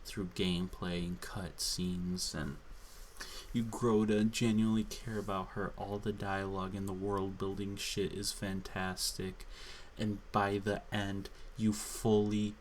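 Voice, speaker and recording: A man's voice: low voice, flat delivery, unhurried, a little hiss or hum. A man on a drunken solo rant, angry, profane and exasperated. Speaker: channel host.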